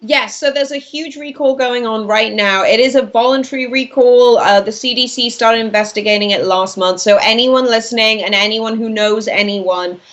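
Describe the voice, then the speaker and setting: A woman's voice: fairly high pitch, normal speed, few pauses. A woman in her twenties, raised in Wales, chatting as a guest on a talk-radio interview with lots of "like" fillers. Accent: Welsh-born, speaking with an American-leaning accent. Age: 20s. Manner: chatty, animated, many "like" fillers. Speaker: guest commentator.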